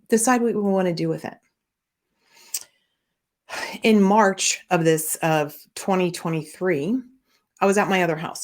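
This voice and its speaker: A middle-aged woman hosting a podcast, telling a personal story in a candid, rambling way with many fillers and restarts. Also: medium pitch. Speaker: podcast host and business coach.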